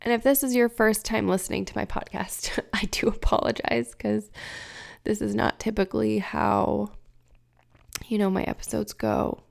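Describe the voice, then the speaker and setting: Emotional woman with a gravelly voice. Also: medium pitch, fairly even intonation, normal speed. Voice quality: gravelly fry. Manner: candid, emotional, searching for words. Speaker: podcast host. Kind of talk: casual personal monologue.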